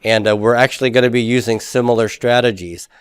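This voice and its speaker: A man's voice: mid-range voice, little pitch movement, fast, smooth, dry recording, studio quality. A man teaching a Hebrew grammar class, patiently asking students questions and confirming their answers.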